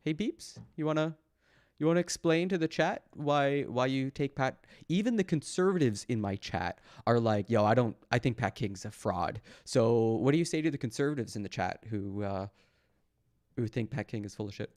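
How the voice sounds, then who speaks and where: A man's voice: mid-range voice, lively intonation, normal speed, a little mellow. A man with a mid-range voice hosts a loose live stream, reading posts aloud and answering them with dry sarcasm. He talks straight to his chat in a casual, mocking tone. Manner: reads posts aloud, then mocks them.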